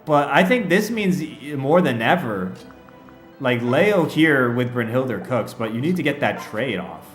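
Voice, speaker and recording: Lively, chatty male streamer in an echoey room. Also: medium pitch, a little slow. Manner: chatty, laughs often, talks straight to his chat. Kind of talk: casual livestream chat and game commentary. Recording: echoey room with faint music.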